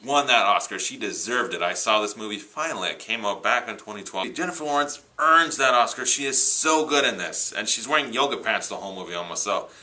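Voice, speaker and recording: A man's voice: on the low side, animated, a little fast, hardly any pauses, bright, forceful tone, low-quality recording. A man chatting casually on camera, rambling and enthusiastic as he reviews his new films. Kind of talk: casual unscripted vlog. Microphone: handheld camera, self-recorded.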